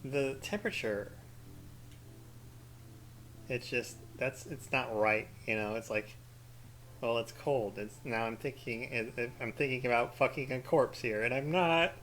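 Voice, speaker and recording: A man's voice: medium pitch, unhurried, long pauses, a bit bright, slight background noise. A man giving rambling, profane let's-play commentary, full of crude jokes and sarcastic mock rants. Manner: mock-ranting with sarcastic asides. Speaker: gaming commentator.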